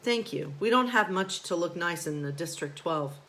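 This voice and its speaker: A woman's voice: on the low side, animated, moderate pace, fairly bright tone. A woman reading aloud as a guarded teenage girl who forces herself to sound grateful. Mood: forced polite.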